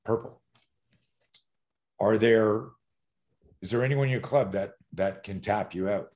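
A man who coaches fighters, telling stories in a loose, animated conversation, swearing now and then and restarting his sentences. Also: on the low side, unhurried. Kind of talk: casual podcast conversation.

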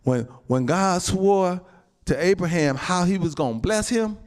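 A male pastor preaching a sermon, animated, often calling out to the congregation and breaking into shouts and laughs. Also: high voice, a little slow. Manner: calls out to the congregation.

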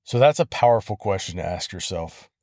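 Low-voiced man hosting a relaxed podcast. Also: fairly quick, dry recording, clean studio sound. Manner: relaxed and conversational, with soft laughs and restarts. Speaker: podcast host. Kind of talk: casual solo podcast storytelling.

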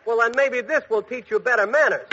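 An actor playing Bud, a fearless, cheeky young hero, joking and unflappable, in 1940s radio drama. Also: male voice, extremely high pitch, fairly quick. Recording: dull old radio broadcast with hiss.

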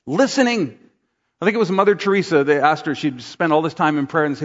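A man's voice: on the high side, animated, fast. A middle-aged man, a pastor, delivering a conversational sermon with acted-out asides. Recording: dull sound in a large reverberant room.

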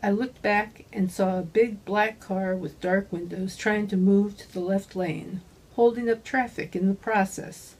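A woman's voice: medium pitch, steady tone, unhurried, darkish tone, husky, poor audio. A woman author reading her own hardboiled mystery novel aloud in a dry, wry first-person narration.

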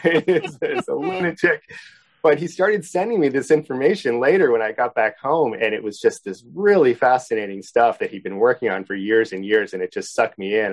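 A man being interviewed as an author, telling a friendly anecdote about how his book began. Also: on the low side. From Boston area. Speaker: author guest. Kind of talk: interview answers, storytelling.

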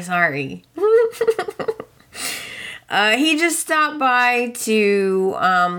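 A chatty woman podcast host walks through soap opera episodes. Her voice sits a little low but sounds bright and forceful, and she talks at an unhurried pace. She laughs often and slips into quick voices for the characters. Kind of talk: casual chat recap.

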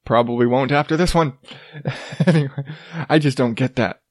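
Speaking at a normal speed in a mid-range voice, this man in his thirties hosts a comedic news podcast, sarcastically picking apart odd stories, cursing freely and laughing a lot. The recording is dry and studio quality.

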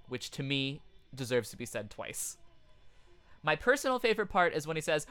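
A man co-hosting a comedy podcast, telling a story with animated, profane outbursts. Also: on the high side, normal speed, smooth, no room sound. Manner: animated, swears freely, bursts into loud outbursts. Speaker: podcast co-host.

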